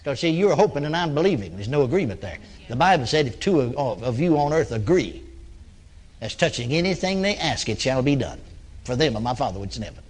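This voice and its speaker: A man's voice: mid-range voice, sing-song, fairly quick, slightly rough. A man preaching in a folksy storytelling sermon, acting out his talks with people who came for prayer and chuckling between points. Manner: folksy, acts out dialogue with congregants.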